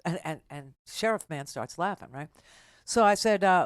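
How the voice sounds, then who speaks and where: A woman's voice: lowish voice, expressive, moderate pace, dry recording, studio quality. An older woman hosting a political talk radio show, telling a story in a rambling, sarcastic way with many restarts.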